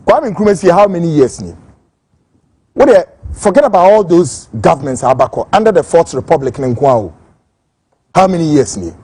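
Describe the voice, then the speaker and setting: Fiery Ghanaian man, high and animated. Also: fairly quick, husky. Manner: fiery, emphatic ranting; switches between Twi and English. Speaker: host. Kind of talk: political commentary.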